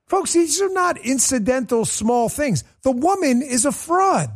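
A man's voice: very high-pitched, sing-song, unhurried. A man hosting a political talk show, delivering a combative, mocking monologue with lots of repetition.

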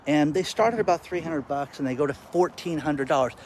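A man's voice: fairly high pitch, a little fast. A man ranting outdoors in the wind. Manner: animated, exasperated storytelling. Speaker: content creator. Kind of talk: casual vlog rant.

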